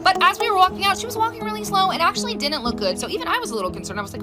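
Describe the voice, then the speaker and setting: A middle-aged mother casually telling a funny story, animated and laughing as she acts out quotes. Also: very high voice, racing. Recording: loud music underneath.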